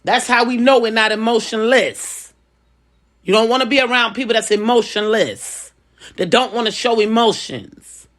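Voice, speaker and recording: Woman vlogger, slightly high voice, chatty and preachy advice. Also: normal speed, fairly bright tone. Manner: conversational, preachy, repeats phrases, acts out dialogue in lower voice. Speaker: vlogger giving life advice. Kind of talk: casual personal talk.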